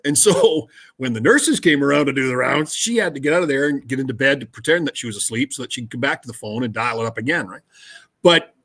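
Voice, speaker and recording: This is a man, a radio host spinning a story. His voice sits at an ordinary mid pitch. He moves through the tale in a relaxed, chatty way. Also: fast. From Canada. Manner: animated anecdote telling with laughs. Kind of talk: conversational storytelling.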